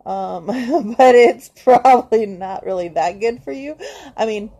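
A woman's voice: fairly high pitch, unhurried, mellow. A woman talking to camera in a personal confessional vlog, hesitant and earnest, with frequent ums and restarts as she encourages herself. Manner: hesitant, many ums and restarts, talks straight to the viewer. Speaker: vlogger.

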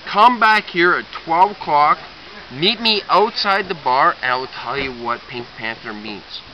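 A person voicing a bartender who offers a secret deal, speaking slowly and conspiratorially. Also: medium pitch, lively intonation, close to an everyday voice. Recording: distant, dull, noisy home recording.

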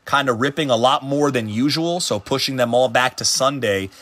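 A man hosting a trading card break livestream, calling out player names in casual commentary and getting excitable, even shouting, over big pulls, tired and hungry late in a long stream. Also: mid-range voice, moderate pace.

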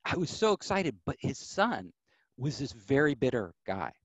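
A middle-aged man, a podcast guest, telling stories of his career in an animated way and acting out the voices of people he quotes. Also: mid-range voice, moderate pace, slightly rough, dry recording. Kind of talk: storytelling interview.

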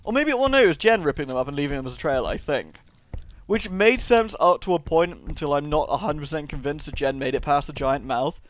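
A man giving casual, joking commentary while playing a video game, excitable and crude. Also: on the high side, a little fast. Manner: jokey, excitable, crude humour. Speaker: let's play host.

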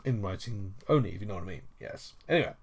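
A man's voice: on the low side, lively intonation, quick pace, creaky, breathy edge. A man teaching a screen-recorded language lesson, chatty with jokey asides and a playfully formal manner.

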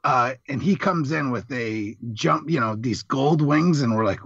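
A middle-aged man with a gravelly, fry-laden voice spins rambling, profane service stories in casual talk. The sound is dry and dull, like lo-fi podcast audio. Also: mid-range voice, unhurried, a bit bright, no echo. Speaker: podcast guest, Marine veteran. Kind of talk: casual storytelling chat.

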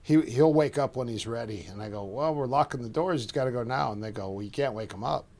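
Middle-aged man telling lively stories. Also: mid-range voice, quick pace. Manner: animated, acts out quoted voices, restarts often. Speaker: guest, martial arts coach. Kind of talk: casual storytelling.

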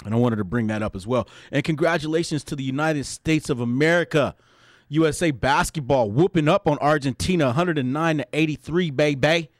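A man's voice: fairly high pitch, brisk, no echo, clean studio sound. A man hosting a sports talk radio show, brash and opinionated, tacking "man" onto his sentences. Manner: brash, ends phrases with "man".

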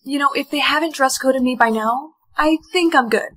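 Woman playing a sassy high-voiced young heroine. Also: normal speed, fairly bright tone. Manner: sassy, snappy comebacks. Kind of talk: TikTok POV skit acting.

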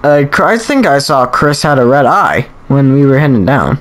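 A man's voice: mid-range voice, big pitch swings, normal speed. A man giving casual gameplay commentary, chatty and reactive, thinking aloud as he plays. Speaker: let's play host.

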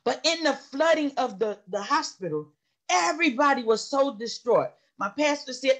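A woman's voice: sits high, expressive, moderate pace. A middle-aged woman sharing a personal testimony in an impassioned, storytelling way. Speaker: study session participant.

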